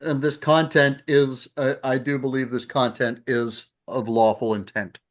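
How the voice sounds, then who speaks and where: A man's voice: medium pitch, level tone, a little slow. A man taking part in a casual scripture study discussion, briefly chiming in and agreeing. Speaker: study group participant.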